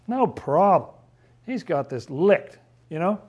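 Animated man leading a Bible study. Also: sits high, slow. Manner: animated, acts out quotes in playful voices; chatty, laughs often. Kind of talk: casual Bible teaching.

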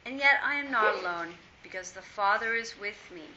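A woman reading scripture aloud in a steady, measured way during a Bible study. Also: mid-range voice. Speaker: scripture reader. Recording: muffled lo-fi with faint hiss.

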